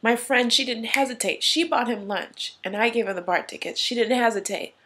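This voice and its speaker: A woman's voice: on the high side, a little fast, bright, forceful tone. A young woman telling a story in a candid home vlog, emotional and teary, rambling with many fillers. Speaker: vlogger. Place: at home in her room.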